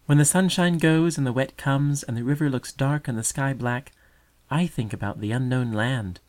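A man voicing a gentle young sister bird in a storybook, soft and wistful, pitched well above his own voice. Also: normal speed, lightly acted.

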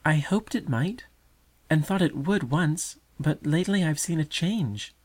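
A man voicing a gentle young sister bird in a storybook, soft and wistful, pitched well above his own voice. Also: expressive, measured pace.

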